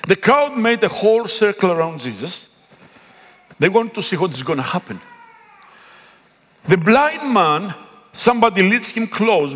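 A man whose first language is Greek, preaching a sermon in a church, pleading and rising to loud calls. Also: sits high, breathy edge. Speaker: pastor. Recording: long echo of a big hall.

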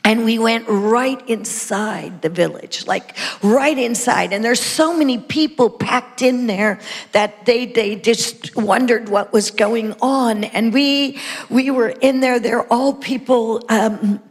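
Woman preacher, higher voice, slow dramatic testimony with stammers and hushed moments, long hall reverb. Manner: dramatic, drops to whispers; stammering restarts. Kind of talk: sermon testimony.

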